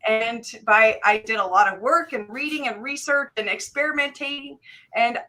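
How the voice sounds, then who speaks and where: A woman's voice: a little high, moderate pace, bright, forceful tone, soft background music. A woman guest author speaking earnestly in a casual radio interview, with frequent fillers and light laughs.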